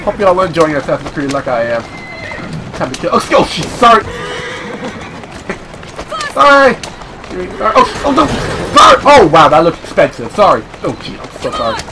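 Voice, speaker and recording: High, excitable young gamer guy. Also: moderate pace, pauses often, noisy background. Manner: excitable, swears, laughs, yells apologies. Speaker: gaming channel host. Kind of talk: let's play commentary.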